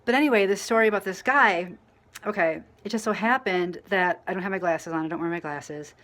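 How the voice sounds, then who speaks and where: A woman vlogging casually to camera, telling a rambling story full of fillers and restarts, mostly quiet and low, getting louder when she acts out what people said. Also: a little fast. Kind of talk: casual storytelling to camera while dyeing her hair.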